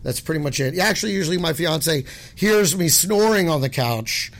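Loud, excitable middle-aged man with gravelly voice. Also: fairly high pitch, moderate pace. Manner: loud, excitable, laughs through his stories. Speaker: guest. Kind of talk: animated storytelling.

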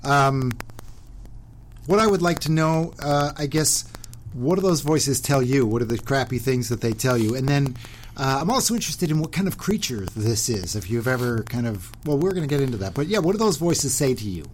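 A man hosting a casual interview, asking probing questions in a relaxed, gently coaxing way. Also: medium pitch, normal speed, slight background noise. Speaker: host.

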